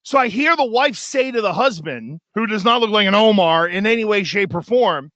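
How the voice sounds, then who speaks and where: A man's voice: high-pitched, lively intonation, normal speed, bright, forceful tone, no room sound, highs cut off. A man co-hosting a sports talk show, telling a profane, worked-up story and acting out what people said. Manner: profane, worked-up anecdote with acted-out quotes. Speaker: radio show host. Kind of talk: animated storytelling, casual chat.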